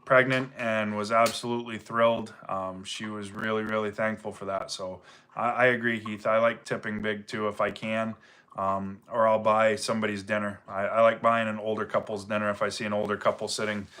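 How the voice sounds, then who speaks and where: A man's voice: fairly low pitch, little pitch movement, brisk, sharp tone, smooth. A middle-aged man from Maine with a mild Maine accent, hosting a casual livestream, easygoing and rambling as he reads viewer comments. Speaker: livestream host, firewood seller.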